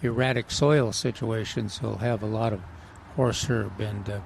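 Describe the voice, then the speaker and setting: Gravelly man chatting about gardening. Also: lowish voice, fairly even intonation. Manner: halting, many fillers and restarts. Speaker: gardening show co-host. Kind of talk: casual radio gardening chat. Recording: outdoor nursery with faint noise.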